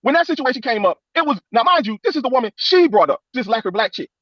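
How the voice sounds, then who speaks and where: Male guest, very high pitch, blunt and profane, dry lo-fi audio. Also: very animated, fast, fairly bright tone, no echo. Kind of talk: heated livestream argument.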